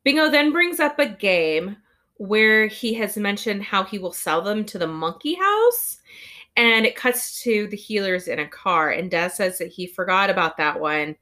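Animated chatty woman podcast host. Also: mid-range voice. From Southern California. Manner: chatty, animated, quick retelling with acted-out quotes. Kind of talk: casual chat recapping a cartoon.

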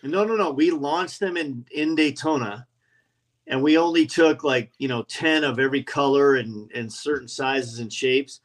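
A man's voice: mid-range voice, moderate pace, low-quality recording. A man, a podcast guest, telling anecdotes in casual talk and acting out the quoted voices. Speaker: guest, custom motorcycle builder.

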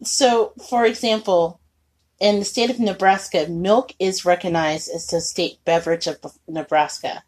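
A woman co-hosting a podcast in casual chat, laughing often and animated. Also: on the low side, slightly rough. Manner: laughs often, animated, quick bursts of surprise. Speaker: podcast co-host.

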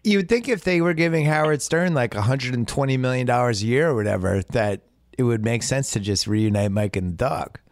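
A man's voice: medium pitch, a little fast, no echo, clean studio sound. A man hosting a casual podcast chat, talking in a chatty, wry way. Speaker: podcast host.

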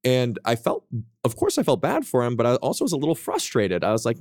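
A man's voice: medium pitch, huge pitch swings, a little mellow, no room sound, studio quality. Profane, frank man telling his story. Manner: profane, frank, quick asides and self-mocking. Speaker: podcast guest, author. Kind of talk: casual candid storytelling.

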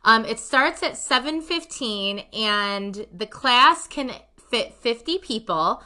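A chatty woman co-hosting a casual podcast, her voice pitched a little high and bright. She talks in an upbeat, easygoing way, with plenty of fillers. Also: lively intonation, slow pace. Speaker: podcast co-host.

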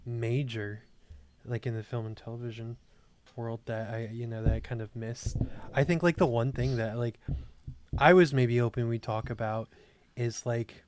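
A man's voice: mid-range voice, a little mellow. A young man co-hosting a casual podcast chat, his voice still recovering after a breathing tube, talking hesitantly with many fillers and restarts. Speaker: podcast co-host.

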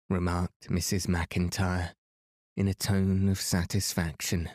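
Slow, deep-voiced man reading a bedtime story. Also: no echo, clean studio sound. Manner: slow, calm and even. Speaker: podcast host and reader. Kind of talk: sleep story narration.

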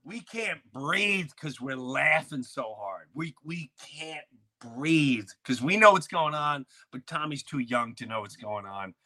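Male host, bright and tense tone, lively storyteller who acts out quotes. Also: medium pitch, slow. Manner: animated, acts out shouted quotes. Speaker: podcast host. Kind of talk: storytelling in casual chat.

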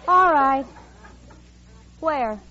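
Wisecracking, exasperated roommate. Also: female voice, high voice, lively intonation, very slow, bright, forceful tone, heavily acted. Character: sensible, exasperated young working woman. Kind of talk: 1940s radio comedy acting. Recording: dull old radio recording with studio audience.

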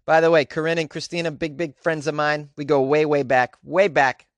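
A man's voice: a little high, flat delivery, normal speed, dry recording, lightly acted. A man putting on an exaggerated Boston accent, playing a brash, needling guy who repeats himself for emphasis. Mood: mock-indignant. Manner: jeering, emphatic repetitions.

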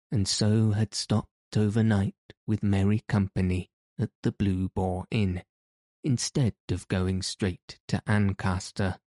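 A man reading a story aloud as the audiobook narrator, in a measured, even manner. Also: fairly low pitch, no echo, clean studio sound. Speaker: audiobook reader. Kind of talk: scripted narration.

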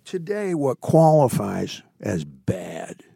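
A man in his sixties, a candid interview guest telling stories with blunt, profane asides, his voice swinging between loud bursts and hushed, low passages. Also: sing-song, slow, vocal fry, breathy edge, no echo, studio quality. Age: 60s. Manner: blunt, swears freely.

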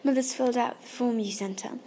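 A woman's voice: a little high, fairly quick, mellow, slight background noise, voice pushed up, natural voice. Woman voicing an anxious, proper young woman. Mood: uneasy. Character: anxious, uneasy adult woman, polite and formal. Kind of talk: audiobook character voice.

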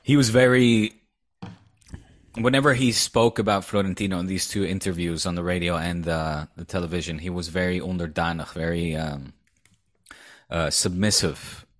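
A man with a Dutch accent, co-hosting a podcast in casual chat, pausing and restarting as he searches for words. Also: low-pitched, steady tone. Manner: halting, many fillers and restarts while searching for words. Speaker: podcast co-host.

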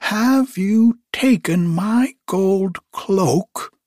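A man voicing a cruel, scheming old witch woman who mutters in a hushed, menacing way. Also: medium pitch, very animated, very slow, breathy edge, no room sound, clean studio sound, full character voice. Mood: shrill rage.

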